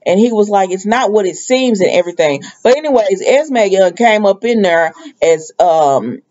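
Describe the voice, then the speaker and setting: A woman's voice: mid-range voice, lively intonation, normal speed, darkish tone, lo-fi sound. A woman chatting through a casual, slangy recap of a soap opera episode and slipping into the characters' lines as she goes.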